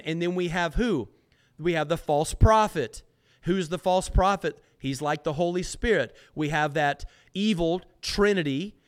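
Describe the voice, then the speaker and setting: A man's voice: on the high side, clear, resonant tone. A man teaching scripture on his podcast in a sermon style, asking rhetorical questions and answering them himself, repeating words for emphasis. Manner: repeats words while searching, slows for stress.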